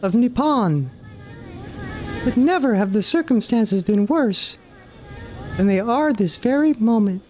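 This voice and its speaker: A man voicing a graceful, gentle female tree spirit from a game, reading her lines aloud. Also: extremely high pitch, expressive, slow pace, long pauses, slight background noise, full character voice. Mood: solemn, pleading. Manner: reads lines aloud, breaks off laughing.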